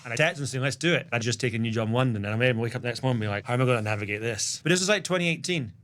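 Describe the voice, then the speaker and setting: Fast-talking man telling stories. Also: mid-range voice, fairly bright tone. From Southwest Scotland. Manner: rambling anecdotal storytelling. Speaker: restaurant co-owner, guest. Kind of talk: casual podcast chat.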